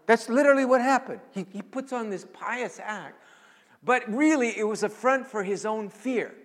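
A man preaching a sermon as a pastor, casual and conversational, rising into emphatic pleading bursts. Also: high-pitched. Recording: long hall reverb.

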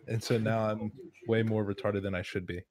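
A man's voice: lowish voice, flat delivery, normal speed, a little mellow. A young man casually telling a rambling story among friends, swearing freely. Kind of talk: casual chat.

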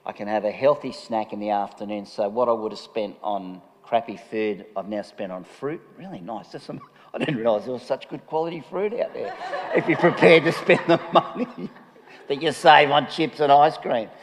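A man preaching in a relaxed, joking way, laughing at his own stories between points. His voice sits at an ordinary middle pitch. It carries with a long reverb, as if from a large church hall. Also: normal speed. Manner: jokey, chatty, laughs often. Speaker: pastor. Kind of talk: conversational sermon.

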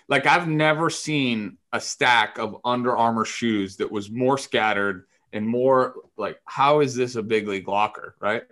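A man co-hosting a casual podcast, telling animated, profane clubhouse stories with frequent laughter. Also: mid-range voice. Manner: animated, profane, laughs often, acts out voices. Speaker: podcast co-host, former ballplayer. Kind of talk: casual storytelling chat.

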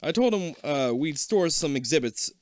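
A man voicing a middle-aged dad who hams up a fake British accent in a loud, singsong, theatrical way. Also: fairly high pitch, lively intonation, normal speed, no echo, natural voice. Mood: explaining.

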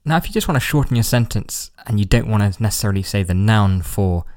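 Male co-host, calm, plays the curious learner and breaks down new words. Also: lowish voice, fast talker. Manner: calm, asks learner questions and breaks down terms. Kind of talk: podcast language lesson.

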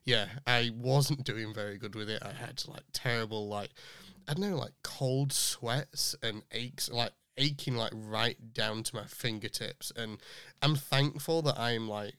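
A young man hosting a podcast, chatting casually and rambling with fillers, his voice still a little rough from recent illness. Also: medium pitch, measured pace, sharp tone, no echo, studio quality. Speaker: podcast host. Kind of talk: casual chat.

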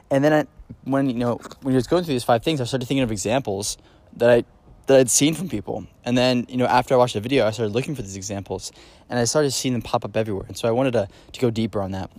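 A man's voice: medium pitch, quick pace, a little mellow, dry recording. A man hosting a solo podcast, talking casually and enthusiastically, with many fillers and restarts. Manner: enthusiastic, emphatic on key points. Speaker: podcast host.

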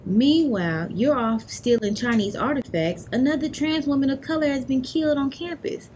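A woman playing a sassy, outspoken young adult with a drawling, expressive delivery. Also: moderate pace, a little hiss or hum, natural voice. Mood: scolding. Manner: sassy and outspoken, swinging between drawl and high exclamations.

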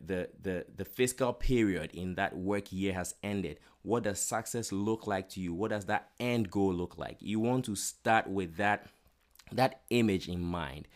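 A man preaching an earnest sermon, often repeating words as he builds his point. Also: sits low.

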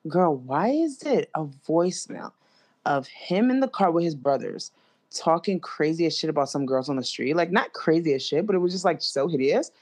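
A young woman, hosting a podcast and telling a story to a friend in a casual, animated, slangy way, full of "like". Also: low voice, moderate pace. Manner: animated and slangy, filler-heavy with lots of "like". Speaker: podcast host.

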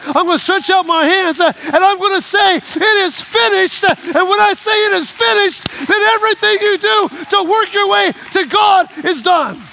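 A preacher speaking as Jesus, loud and emphatic, announcing good news. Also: male voice, very high voice, a little hiss or hum, voice pushed up, heavily acted. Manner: emphatic, rising to shouts.

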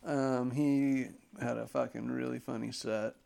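A man's voice: medium pitch, little pitch movement, measured pace, gravelly, mellow. A man chatting casually as a podcast co-host, rambling with lots of filler words and swearing. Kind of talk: casual chat.

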